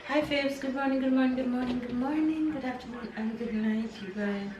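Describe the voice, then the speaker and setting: A woman's voice: high-pitched, a little fast, highs cut off, loud music behind the voice. A woman vlogging casually at home, a mother telling stories with lots of laughter. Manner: laughing, playful, animated storytelling. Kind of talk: casual vlog chat. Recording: echoey room with background noise.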